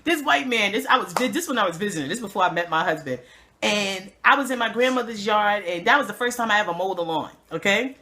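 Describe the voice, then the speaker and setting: A young woman hosting a casual chat, telling stories in a slangy, animated way and imitating other people. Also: mid-range voice, fast, a little hiss or hum. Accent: New York. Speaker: host.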